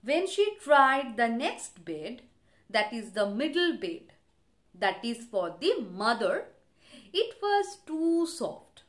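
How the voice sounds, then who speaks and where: Woman, teacher, from India, story lesson for children, fairly high voice, very slow. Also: big pitch swings. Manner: slow, asks the class questions, repeats for emphasis.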